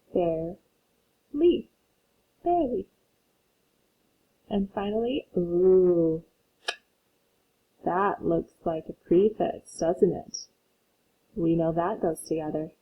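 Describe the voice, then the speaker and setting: Her voice is on the low side and slightly rough: a woman teacher reading a story aloud to children during a phonics lesson. She speaks slowly and patiently, explaining syllables, and the recording sounds tinny, like a phone.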